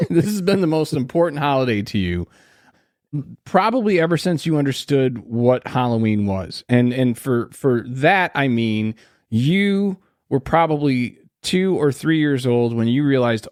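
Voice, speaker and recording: A man hosts a podcast in loose, crude, joking banter. His voice sits at a middling pitch. The sound is dry and close, with no room echo. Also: lively intonation, a little slow, a little mellow. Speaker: podcast host. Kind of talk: casual chat.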